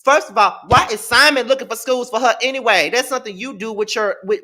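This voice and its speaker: A man's voice: extremely high pitch, quick pace, few pauses, pushed and bright. A man hosting a live TV episode review, talking emphatically and repeating himself in exasperation. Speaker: host.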